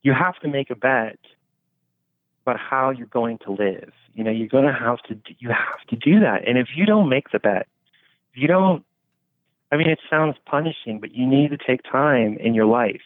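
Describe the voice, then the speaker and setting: A man rambles in casual, philosophical conversation, swearing freely and using many fillers. He speaks at a medium pitch and a moderate pace, and the audio is dry, tinny, and phone-like, with no echo.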